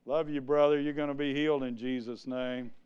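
A male preacher giving an exuberant sermon, breaking into sudden shouts and asking the congregation to answer him. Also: mid-range voice, fairly even intonation, brisk, smooth, lo-fi sound.

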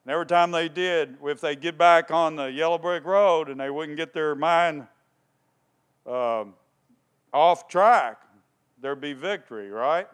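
A pastor with a fairly high, clear and resonant voice preaches at a measured pace. He retells a story in a lively way and puts questions to the congregation.

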